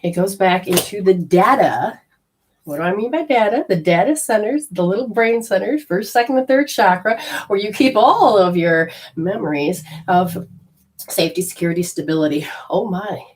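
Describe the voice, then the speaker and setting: A woman, a spiritual teacher, telling a personal story in a lively way, acting out her own lines and swinging from loud outbursts to soft murmurs. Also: mid-range voice, normal speed, a little hiss or hum. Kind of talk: storytelling talk.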